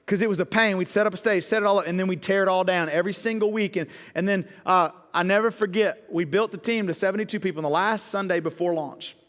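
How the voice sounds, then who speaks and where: A middle-aged man, a pastor telling stories in a sermon, lively and joking at his own expense. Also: sits high, quick pace, hardly any pauses, long reverb tail. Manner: lively storytelling with self-deprecating jokes. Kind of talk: sermon storytelling. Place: church auditorium.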